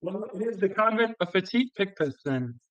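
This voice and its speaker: A man's voice: sits high, animated, moderate pace, dry recording, poor audio. Man reading as a chatty old gardener. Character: grateful old male gardener, talkative. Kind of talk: audiobook reading.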